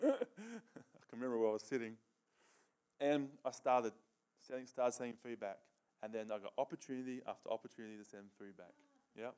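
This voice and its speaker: A middle-aged man preaches in a relaxed, conversational way, often pausing to ask "okay?" and laughing between points. He leads a live demonstration with a volunteer. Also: medium pitch.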